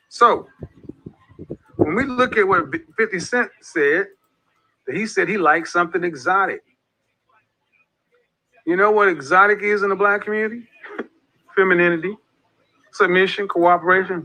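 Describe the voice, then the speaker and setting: The audio is dull and lo-fi as a man with a high voice and sharp tone speaks at a moderate pace, leaving long pauses. Leading an online group, he delivers a fervent, preachy monologue, emphatically going back over his points.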